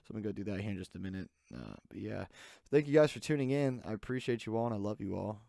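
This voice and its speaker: Man, podcast host, casual solo chat, rambling, lowish voice, dry sound. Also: animated, rapid-fire, creaky, mellow, no echo. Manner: rambling, many fillers and restarts.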